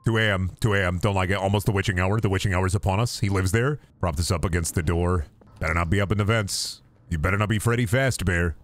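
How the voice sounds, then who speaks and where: A man streaming a video game, cursing and trash-talking loudly, then dropping to low mutters. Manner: profane, rowdy trash talk to the game; jumps between loud yelling and low mutters. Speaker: gaming streamer. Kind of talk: live gaming stream commentary.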